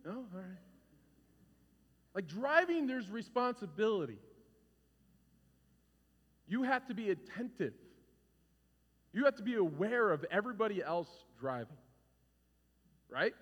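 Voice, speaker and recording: A pastor in his forties delivers a lively, conversational sermon, his high, bright voice leaping around as he acts out stories. He ends on questions to the room. A long reverb trails every phrase through the church hall. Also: a little slow, long pauses. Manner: animated storytelling, acting out voices and shouts.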